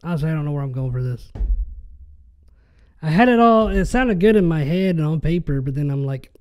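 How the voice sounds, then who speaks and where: A man's voice: fairly high pitch, lively intonation, a little fast, a little mellow. A young man hosting a podcast, ranting in an exasperated way, swearing and tripping over his words. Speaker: podcast host.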